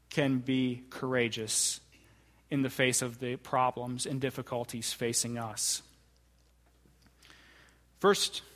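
A man preaching a sermon, with deliberate, emphatic phrasing that slows to stress key words. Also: medium pitch, in a large hall. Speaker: pastor.

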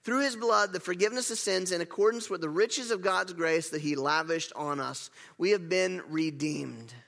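A man preaching a sermon as pastor, animated and emphatic, with casual asides to the congregation. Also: sits high, normal speed, vocal fry. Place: church sanctuary. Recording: long hall reverb.

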